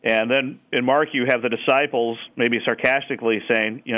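Male guest, mid-pitched voice, thoughtful and rambling, lo-fi sound. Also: fairly even intonation, brisk, few pauses. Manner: thoughtful, many fillers and restarts. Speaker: Bible scholar guest. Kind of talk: conversational explanation.

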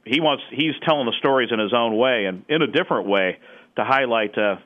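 Male guest, mid-pitched voice, thoughtful and rambling, lo-fi sound. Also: fairly quick. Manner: thoughtful, many fillers and restarts. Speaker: Bible scholar guest. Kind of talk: conversational explanation.

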